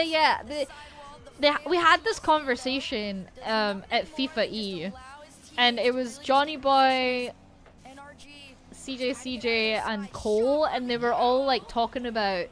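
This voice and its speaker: A woman streamer with a Polish accent talks casually while she plays. Her voice sits a little high, and her talk is loose and chatty, with the odd swear word and a lot of restarted sentences. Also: takes it slowly, a bit bright. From Poland.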